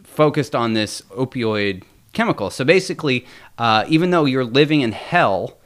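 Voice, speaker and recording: A man's voice: medium pitch, animated, normal speed. A young man co-hosting a podcast in loose, casual chat, rambling, joking and slipping into mock voices. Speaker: podcast co-host.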